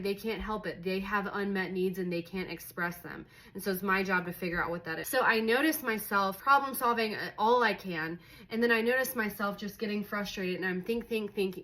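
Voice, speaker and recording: A young adult woman teaches about parenting in a casual, conversational way, using lots of "like" and acting out her own inner thoughts as she tells a story. Her mid-range voice is bright and forceful, and the recording is rough.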